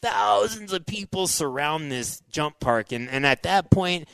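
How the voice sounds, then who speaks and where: A man in his forties, a former motocross racer, telling his story in a casual podcast interview, animated and full of "dude" and "like". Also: fairly high pitch, measured pace, clean tone, no room sound. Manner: animated, says "dude" and "like" a lot, acts out his own past thoughts.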